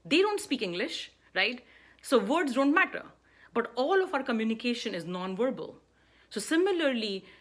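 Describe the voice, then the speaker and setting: A middle-aged woman teaching public speaking in an emphatic coaching voice. She lands her points firmly and keeps tagging them with a quick "right?" to her listeners. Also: on the high side, a bit bright. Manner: emphatic, with frequent rhetorical "right?" checks.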